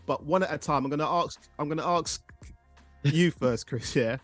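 A man hosting a casual podcast chat, playful and quick to laugh. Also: on the high side, no echo, soft background music. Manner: playful, animated, laughs often. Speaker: podcast host.

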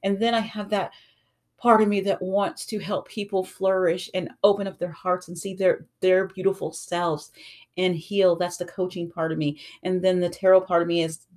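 Solo podcaster, tarot reader, rambly and earnest, kinda raspy at times, mid-pitched voice. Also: level tone, a little mellow. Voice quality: sometimes raspy and mumbly when slowing down. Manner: earnest, reflective, rambling storytelling. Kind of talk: casual solo podcast monologue.

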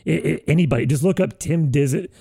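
Young male podcast co-host, brash and animated, slightly raised pitch, creaky edge. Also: a little fast, dry recording, clean studio sound. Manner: animated, mocking, profane, breaks into high mocking voices. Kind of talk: casual comedy podcast banter.

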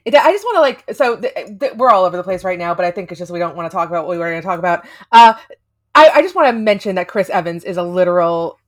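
A young woman co-hosting a podcast in casual chat, animated and quick to laugh. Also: lowish voice. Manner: animated, laughing, fast bursts. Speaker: podcast co-host.

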